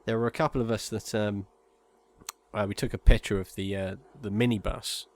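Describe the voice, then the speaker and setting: A man, co-hosting a podcast, chatting casually with halting restarts. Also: fairly low pitch, steady tone. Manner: halting, stumbling restarts, laughs into lines. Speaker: podcast co-host. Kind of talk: casual chat. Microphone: remote call mic.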